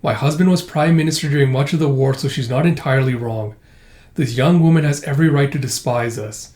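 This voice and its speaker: A man voicing a dignified older woman who speaks gently and formally. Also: medium pitch, fairly quick, echoey room, natural voice. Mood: solemn.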